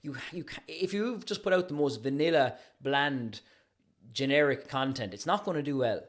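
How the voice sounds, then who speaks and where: A man's voice: mid-range voice, lively intonation, normal speed. A man hosting a podcast in casual chat, rambling and restarting his sentences, laughing often. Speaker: podcast host.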